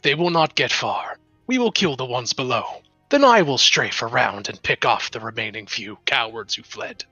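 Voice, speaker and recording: A game master voicing a cold, commanding male demon warrior in a tabletop game, speaking in a formal, measured way. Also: animated, pushed and bright, husky, no room sound, highs cut off, soft background music, heavily acted. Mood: grim. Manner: formal, measured, lower-pitched delivery.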